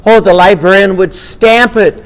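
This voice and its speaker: A man's voice: high voice, a little slow, fairly bright tone, in a large hall. A man telling a family story with puppets, acting out the animal sounds as he goes.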